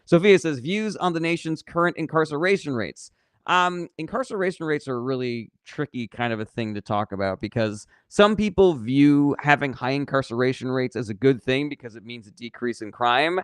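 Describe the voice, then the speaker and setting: A young man from California runs a live question-and-answer stream, reading each comment aloud before answering it. He is blunt and sarcastic and swears casually. His voice is smooth and clear, in dry, close sound. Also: medium pitch, animated, moderate pace, no echo. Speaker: livestream host answering viewer questions.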